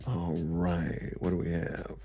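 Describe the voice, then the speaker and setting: A man's voice: low voice, level tone, slow, mellow, soft background music. A middle-aged man hosting a casual live-stream podcast, chatting loosely and reacting to viewer comments. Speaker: podcast host.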